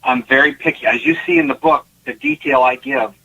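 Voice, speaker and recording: A man's voice: fairly high pitch, a little fast, vocal fry, slightly rough, dry recording. A man, a guest psychic, telling a long case story in casual interview talk, acting out the lines he quotes. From Canada. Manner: animated, acts out quotes, restarts. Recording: dull lo-fi online call audio.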